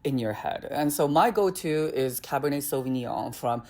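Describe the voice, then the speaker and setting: A man from North America doing a stand-up comedy rant, exasperated, animated and confessional. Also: medium pitch, moderate pace.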